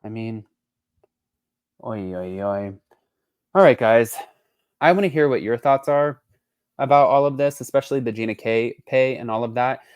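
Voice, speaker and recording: A man's voice: medium pitch, a little fast, clean tone, dry recording, studio quality. Chatty man hosting a gossip recap. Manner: chatty, reads quotes with animated emphasis. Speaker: host. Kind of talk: casual gossip commentary. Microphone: not on camera, voice-over.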